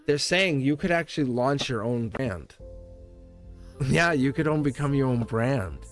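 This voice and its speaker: A man's voice: medium pitch, animated, a little slow, faint music behind. A middle-aged man with a Boston accent doing a chatty, giggly live tarot reading and talking straight to viewers. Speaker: tarot reader.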